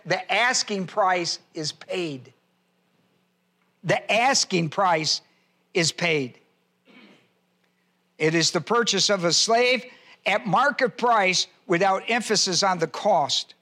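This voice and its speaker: A man delivers a teaching sermon, listing scripture references and spelling out words for his listeners. His voice sits high and carries a bright, forceful edge. He slows down to repeat the key points. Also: animated. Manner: repeats key phrases slowly for emphasis. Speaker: preacher.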